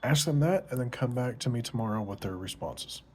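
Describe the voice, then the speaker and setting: A man's voice: mid-range voice, lively intonation, a little fast, darkish tone, slight background noise, close to an everyday voice. A man voicing a cheeky little schoolboy who delivers a prank in a smug, knowing way. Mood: scheming.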